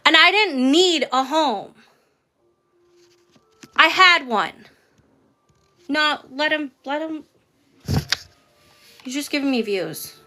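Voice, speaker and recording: A woman's voice: high-pitched, lively intonation, takes it slowly, pauses often. A woman hosting a live stream, angrily calling out a rude commenter, swearing and raising her voice. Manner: angry, yelling at a commenter, swearing. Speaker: TikTok live host. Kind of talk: heated livestream chat.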